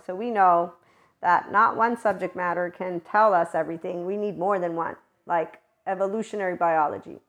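A woman gives a loose, rambling spiritual talk, pressing her points hard with a lively, emphatic delivery. She often slips into little acted-out voices to quote others. Her voice sits at a middle pitch for a woman. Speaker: spiritual vlogger. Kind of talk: casual spiritual monologue.

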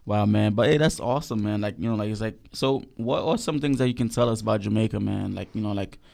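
A young man hosts a podcast in a low voice with a strong gravelly fry. He rambles, with lots of fillers, and stays friendly throughout. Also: fast, darkish tone. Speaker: podcast host. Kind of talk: casual interview.

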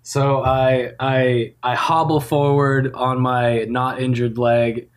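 A man playing a tabletop game, calmly describing his character's actions in a deadpan way. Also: mid-range voice, slow, smooth. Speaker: player. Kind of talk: casual game-table chat.

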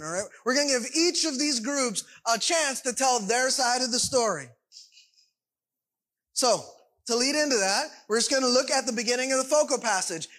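A man's voice: very high voice, sharp tone, poor audio. A man preaching a sermon in a conversational way, often checking in with his congregation. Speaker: pastor.

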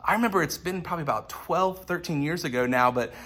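A man's voice: a little high, quick pace, fairly bright tone. A man in his thirties preaching a sermon in a conversational, earnest way with light humor. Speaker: pastor.

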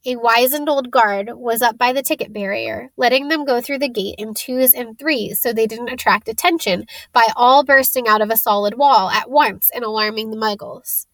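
A woman's voice: on the high side, normal speed, few pauses, fairly bright tone, no echo. Woman reading a story aloud, dry sound. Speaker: reader.

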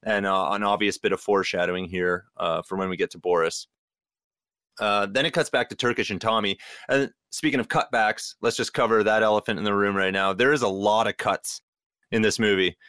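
Bright, low-voiced man in casual podcast chat. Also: steady tone, brisk, clear, resonant tone, dry recording, clean studio sound. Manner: rambling, frequent fillers. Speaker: podcast co-host.

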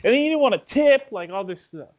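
A man in casual storytelling chat, animated, laughing often and acting out quotes with plenty of swearing. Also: very high voice, fast talker, dull audio.

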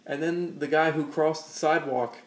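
A man's voice: fairly high pitch, normal speed. A man co-hosting a podcast, telling stories in casual, profane chat and acting out what people said. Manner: profane, animated anecdote-teller acting out quotes. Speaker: podcast co-host. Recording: roomy echo.

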